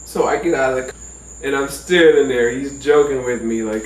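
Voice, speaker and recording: A man telling a personal story in a casual, profane, animated way. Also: normal speed. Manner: animated, profane, jumps into high yelps. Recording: roomy sound from a distant mic.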